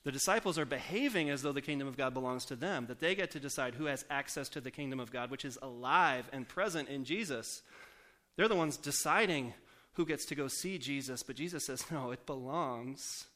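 A man preaching a sermon in a conversational way, asking the congregation questions and slowing down to softly repeat scripture. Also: mid-range voice. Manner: slows down and softens for scripture quotes.

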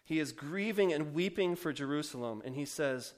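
Guy preaching, kinda high voice, cracks jokes at himself, lots of uh and like. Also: animated, moderate pace, hardly any pauses. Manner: joking, self-mocking, chatty with fillers. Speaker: pastor. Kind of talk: sermon.

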